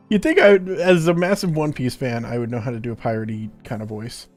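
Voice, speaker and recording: A man's voice: medium pitch, steady tone, a little fast, hardly any pauses, faint music behind. A man casually commenting while playing a video game, joking about himself as he goes. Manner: joking, self-mocking, laughs often. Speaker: gaming video host.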